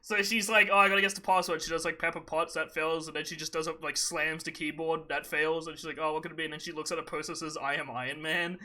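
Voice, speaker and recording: A young man hosting a casual gaming podcast, his voice high and piercingly bright. He rants with plenty of swearing and mockery and breaks into laughter often. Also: fairly even intonation, fast talker, few pauses. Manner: profane, mocking, laughs often. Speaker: podcast host.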